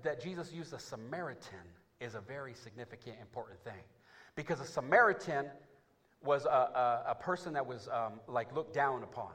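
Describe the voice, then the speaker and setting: A man preaching to his church, dropping low and quiet, then surging loud and high, with quick stammered restarts. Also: expressive. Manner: restarts words in bursts. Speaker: pastor. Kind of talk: sermon. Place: church before a congregation.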